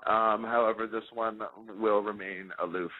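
A man calls into a radio interview and jokes his way through the questions in a loose, rambling way. His voice comes through a thin phone line that cuts off the highs and lows. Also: fairly even intonation, normal speed. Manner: joking, rambling, laid-back. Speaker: musician guest.

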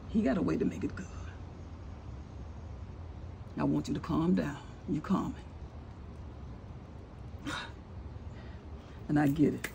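A man's voice: sits high, creaky, fairly bright tone, a little hiss or hum, full character voice. Older preachy mother-in-law, folksy and scolding, voiced by a man. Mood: soothing. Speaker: comedy sketch actor.

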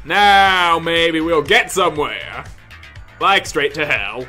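A man commentating his own gameplay, yelling and cursing at the game in frustration, with mock-pompous outbursts. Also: fairly high pitch, slow pace, soft background music.

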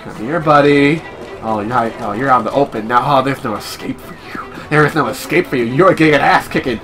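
A young man casually joking through a game playthrough, with sudden high yelps. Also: a little fast, music in the background. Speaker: gameplay commentator. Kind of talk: casual let's-play commentary.

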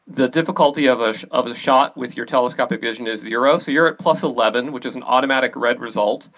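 A man's voice: mid-range voice, rough recording. Hesitant male game master. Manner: relaxed, hesitant with many fillers. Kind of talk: narrating a tabletop game.

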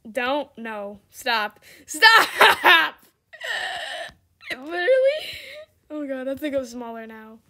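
A woman's voice: fairly high pitch, sharp tone. A young woman giving casual, dramatic gameplay commentary, laughing often and exclaiming. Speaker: gaming video creator.

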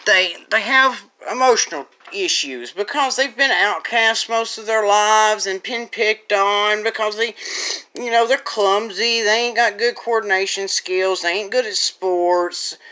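A woman's voice: mid-range voice, measured pace, bright, forceful tone. A woman commentator delivers an angry rant to camera. She is crude and profane, rambling through her points and restarting sentences as she goes. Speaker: online commentator.

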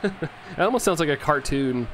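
A man's voice: fairly high pitch, lively intonation, normal speed, a crowd in the background. A young man chatting casually as a game streamer, rambling with lots of fillers and often laughing. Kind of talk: casual chat while playing, reading chat.

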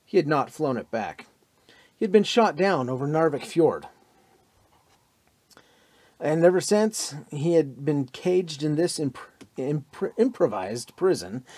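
Male audiobook narrator, dramatic and animated, dry studio sound. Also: on the high side, a little slow, slightly rough, no echo. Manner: dramatic, expressive reading.

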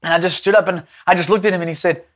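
A man from South Africa preaching a Bible study, telling stories dramatically and swinging between excited and hushed delivery. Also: high voice, racing.

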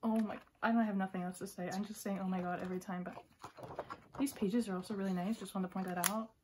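A woman's voice: medium pitch, steady tone, fast talker, warm tone. Woman, giddy unboxing vlogger, gushing, slips into whispers, faint background hiss. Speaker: K-pop fan vlogger. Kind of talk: excited unboxing vlog.

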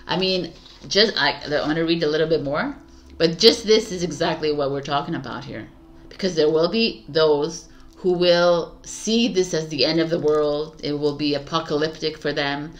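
Over soft background music, a low-voiced woman who reads tarot talks to her viewers at a measured pace, keeping it casual and spiritual. She's warm toward them, laughs a lot, and says things more than once.

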